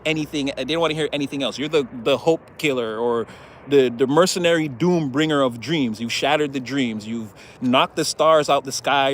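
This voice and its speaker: A man's voice: medium pitch, a bit bright, a little hiss or hum. A man giving a casual tarot reading in a chatty, rambling way, laughing often. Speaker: tarot reader.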